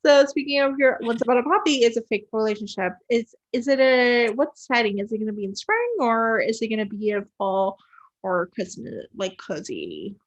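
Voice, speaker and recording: A woman's voice: on the high side, sing-song, normal speed, dull audio. A woman hosting a book podcast, asking questions in an enthusiastic, chatty way. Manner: enthusiastic, chatty, laughs along. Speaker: podcast host. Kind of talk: casual interview chat.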